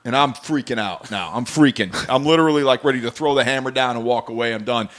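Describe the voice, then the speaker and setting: A man co-hosting a podcast, telling stories in casual chat, animated and swearing freely. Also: medium pitch, fast talker. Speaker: podcast co-host.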